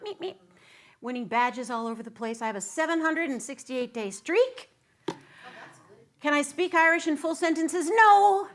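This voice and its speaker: A woman's voice: fairly high pitch, a bit bright. A middle-aged woman giving a Sunday sermon as guest minister, bubbly and chatty, laughing with her congregation. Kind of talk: sermon with singing and audience banter. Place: church sanctuary.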